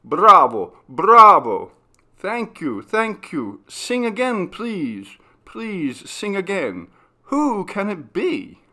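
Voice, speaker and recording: A man acts out an enthusiastic member of an audience in an audiobook. His voice climbs well above his normal pitch and gets loud. It sounds eager and breathless with delight. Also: huge pitch swings, very slow, exaggerated voice. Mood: excited. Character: excited crowd member cheering a singer.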